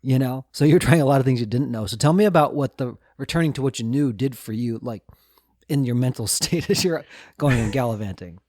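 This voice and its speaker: There's a slightly mellow, medium-pitched quality to this middle-aged host, who talks fairly fast on a dry, clean studio recording. Easygoing and reflective in casual podcast chat, he asks questions that guide the conversation, chuckles lightly, and tells stories from his trips.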